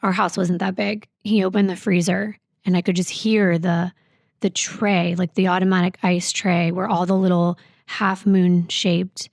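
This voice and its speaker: A woman guest on a podcast, recounting a painful personal story in a halting, reflective way full of fillers. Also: fairly low pitch, flat delivery, creaky, dry recording, studio quality.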